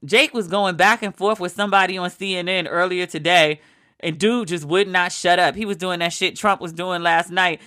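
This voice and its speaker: A woman hosting a casual commentary podcast, ranting in an animated, sarcastic way with plenty of profanity. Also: lowish voice, moderate pace, smooth. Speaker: podcast host.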